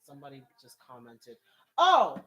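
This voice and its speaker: A man's voice: high-pitched, huge pitch swings, normal speed, bright, forceful tone, dull audio. A man vlogging in casual commentary, reading viewer comments and rambling in an exasperated way. He laughs often, and his voice rises when he gets worked up.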